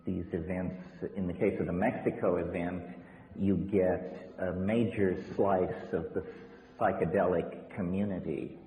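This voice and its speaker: Deep, flat-voiced man in an echoey hall. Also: a little slow, slight background noise. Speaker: lecturer opening an evening talk. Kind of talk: public lecture.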